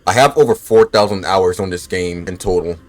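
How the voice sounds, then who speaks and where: Low-voiced, laid-back, profane gaming streamer man. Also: fairly quick. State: has the hiccups. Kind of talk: casual gameplay commentary.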